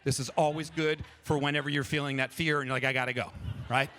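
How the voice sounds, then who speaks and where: A man leading a live improv workshop for an audience on a conference stage, talking in an energetic, playful way and coaxing the crowd to join in. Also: medium pitch, fast. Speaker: improv performer and workshop leader. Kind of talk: live freestyle rap and workshop talk to an audience. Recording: live event with audience noise.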